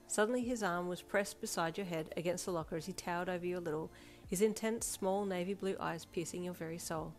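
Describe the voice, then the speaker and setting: A woman's voice: on the low side, fast talker. A woman reading a fan story aloud in scripted narration. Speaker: fanfiction reader. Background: soft backing music.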